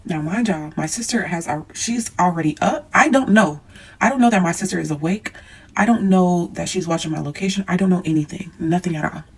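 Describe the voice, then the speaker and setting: A young woman casually telling a dramatic personal story to her viewers, animated, swearing, calling them y'all. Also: fairly low pitch, fairly quick, husky, rough recording. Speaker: storyteller vlogger.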